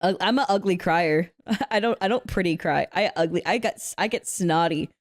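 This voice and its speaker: A woman's voice: on the low side, moderate pace, no room sound. A young woman streamer chatting casually with her viewers, giggly, playful and cheerfully profane, on a close desk mic. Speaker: streamer reacting to a video. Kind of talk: casual reaction chat.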